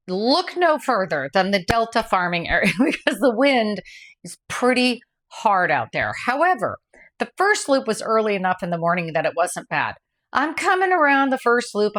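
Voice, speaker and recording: Woman vlogger, casual storyteller, rambling and self-correcting, mid-pitched. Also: very animated, moderate pace, a bit bright. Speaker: vlogger recounting her race.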